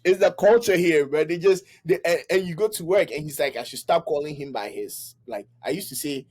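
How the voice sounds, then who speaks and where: A podcast co-host with a husky, slightly high voice talks a little fast in casual chat. He's an animated storyteller who acts out the voices of the people in his stories.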